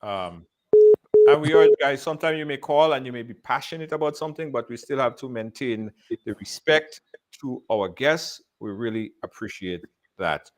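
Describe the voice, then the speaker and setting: Man, live call-in host, repeats words, mid-pitched voice. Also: expressive, moderate pace. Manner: repeats words while steering callers.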